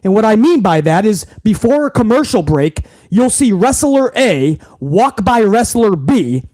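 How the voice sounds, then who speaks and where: A man's voice: high-pitched, big pitch swings, unhurried, a little mellow. A man who hosts a wrestling show, ranting casually with heavy swearing and sarcasm. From New York. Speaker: wrestling podcast host. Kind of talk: casual rant.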